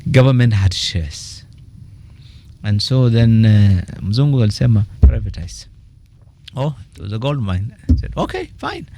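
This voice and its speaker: A man with a Kenyan accent, a political economist speaking as a radio interview guest, animated and telling stories with quoted asides. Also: lowish voice, normal speed, slight background noise.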